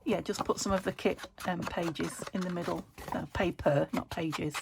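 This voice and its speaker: Rambling British craft host, low voice with some fry, talks to herself at the desk, faint hiss behind. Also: female voice, steady tone, moderate pace. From United Kingdom. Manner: rambling, thinks aloud, laughs often. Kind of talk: chatty crafting vlog. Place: home craft room.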